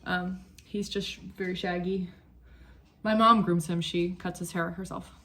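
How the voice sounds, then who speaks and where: With a lowish, sharp-toned voice, she speaks a little slowly and steadily against slight background noise. The young woman is casually chatting about knitting in a home vlog, rambling and easily losing her thread.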